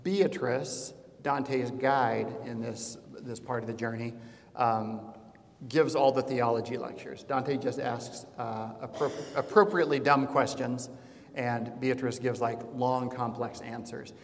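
A man teaching a class in a conversational, digressive way, often pausing on fillers. His voice sits at an ordinary middle pitch. A long reverb trails through the lecture hall. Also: fairly even intonation, creaky.

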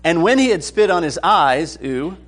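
A man's voice: fairly high pitch, big pitch swings, moderate pace, fairly bright tone. A man teaching a Bible study class with enthusiasm, often checking whether the group is following. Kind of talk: lively Bible class lecture.

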